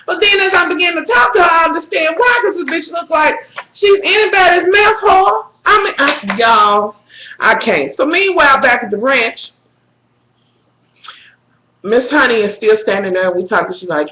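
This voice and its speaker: A woman telling a profane, dramatic story to her viewers, swinging between shrill squeals and low mutters. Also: expressive, moderate pace, pushed and bright, roomy sound, low-quality recording. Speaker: vlogger. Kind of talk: profane storytelling rant to camera.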